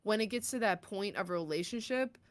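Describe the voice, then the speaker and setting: A woman's voice: medium pitch, expressive, fairly quick, no room sound. Laughing woman podcaster, dry sound. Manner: laughs often, casual swearing. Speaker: podcast co-host. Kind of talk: casual chat.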